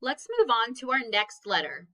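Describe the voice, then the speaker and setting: A woman's voice: a little high, sing-song, moderate pace, sharp tone. A woman teaching a phonics lesson to children, patiently sounding out each letter and praising answers.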